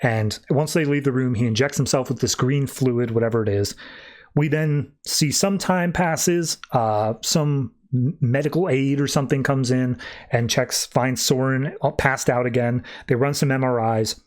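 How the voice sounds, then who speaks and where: A man's voice: mid-range voice, a little slow. A man hosting a podcast, casually retelling a comic book plot in a chatty way and often saying "like". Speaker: podcast host.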